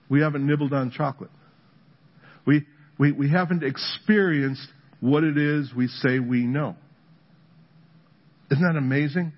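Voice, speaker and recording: Husky-voiced pastor telling a humorous story. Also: male voice, medium pitch, normal speed, pauses often, highs cut off. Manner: storytelling with humor, builds to animated emphasis. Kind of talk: conversational sermon.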